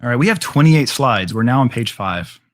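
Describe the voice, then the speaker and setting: A man teaches a math class in a casual, conversational way. He works through each step out loud and keeps filling pauses with ums and all rights. His voice sits at an ordinary middle pitch. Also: animated. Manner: casual, filler-heavy explaining with frequent ums and all rights. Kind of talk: classroom lecture.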